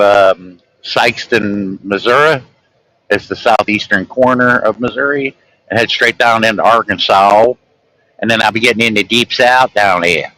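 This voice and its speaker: A middle-aged man vlogs from his truck as he drives, telling rambling, folksy stories and acting out the things people said. His voice sits on the low side and comes across pushed and bright. The recording quality is poor.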